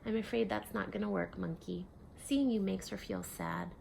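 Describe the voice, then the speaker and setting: A woman voicing a gentle, sorrowful father in a soft, low voice for a storybook reading. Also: wildly swooping pitch, moderate pace, creaky, a little hiss or hum, exaggerated voice, low-quality recording. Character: gentle sad father, loving but weary.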